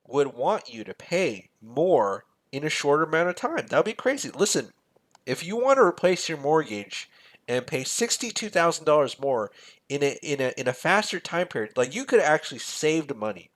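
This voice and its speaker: A man in a casual spreadsheet walkthrough, with a medium-pitched voice. He jokes and teases the viewer, and his voice jumps between loud bursts and quiet muttering. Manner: joking, sarcastic asides. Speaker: finance channel host.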